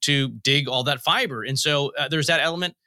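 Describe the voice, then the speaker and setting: Bright-voiced male interview guest. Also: on the high side, a little fast, clear, resonant tone, no room sound, clean studio sound. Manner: explanatory, storytelling with analogies. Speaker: guest, federal commissioner. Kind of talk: interview answers.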